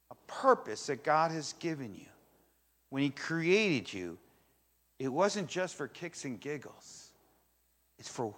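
An older man preaching a sermon to a congregation, telling a story with animated energy and acting out the voices in it. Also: medium pitch. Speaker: pastor. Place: church in front of a congregation.

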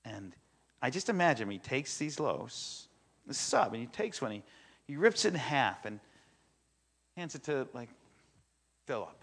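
A man preaching a sermon, retelling a story in a casual, animated storytelling way. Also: mid-range voice, unhurried, long pauses, slightly rough. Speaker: pastor.

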